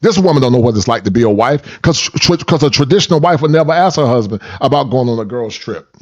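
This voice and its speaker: A man's voice: medium pitch, lively intonation, quick pace, highs cut off. A man hosting a reaction commentary, preachy and repetitive, mocking the people he reacts to. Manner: preachy, repeats words, mocking impressions. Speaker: commentary channel host reacting to clips.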